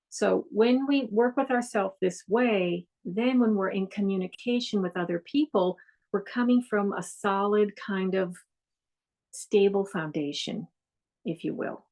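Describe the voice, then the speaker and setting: Gentle woman with a gravelly edge. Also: mid-range voice, measured pace. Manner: gentle, reflective, with soft acted asides. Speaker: mindfulness teacher. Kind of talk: guided mindfulness talk.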